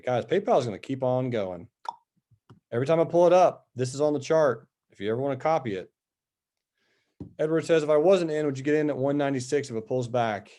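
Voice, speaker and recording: A man's voice: mid-range voice, warm tone. A man hosting a live trading show, going over stock charts with upbeat, chatty commentary and answering viewer questions.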